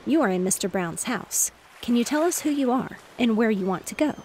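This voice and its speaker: Woman voicing a calm, formal doctor. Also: on the high side, brisk, a little hiss or hum, natural voice.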